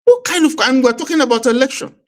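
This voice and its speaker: A man's voice: very high voice, fast, rough recording. A man speaking as a livestream panel guest, indignant and repeating himself.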